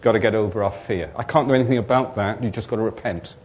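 A man's voice: on the low side, fast talker, darkish tone, a little hiss or hum. A man preaching a sermon, telling a story by acting out both sides of a conversation, then urging his listeners on with rising emphasis.

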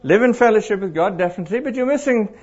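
Lively husky-voiced male preacher. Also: sits high, fast talker. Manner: animated, asks the crowd questions. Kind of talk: interactive sermon. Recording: dull lo-fi live recording.

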